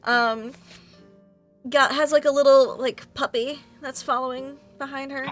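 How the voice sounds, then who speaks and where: A woman's voice: high-pitched, steady tone, measured pace, a bit bright, faint music behind. A woman game master narrating a tabletop game in a loose, rambling way with many fillers.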